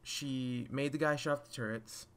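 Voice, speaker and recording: A man's voice: mid-range voice, fairly even intonation, moderate pace, a bit bright, smooth. A man giving a casual, scatterbrained spoken review of a show, full of fillers, restarts and casual swearing. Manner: scatterbrained, rambling with frequent fillers. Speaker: video reviewer.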